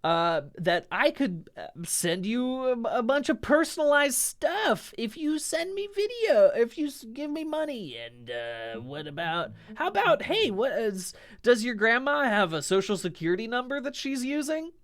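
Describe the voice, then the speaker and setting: A man mocking a smarmy male online scammer who poses as a friend, in a high, sing-song, wheedling voice. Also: big pitch swings, unhurried, hardly any pauses, fairly bright tone, full character voice.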